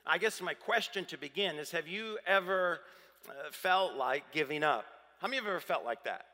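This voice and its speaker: A male pastor preaching a sermon in a large church hall, talking conversationally and putting rhetorical questions to his listeners. His voice is high for a man and bright. A long hall reverb follows every phrase. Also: expressive, brisk.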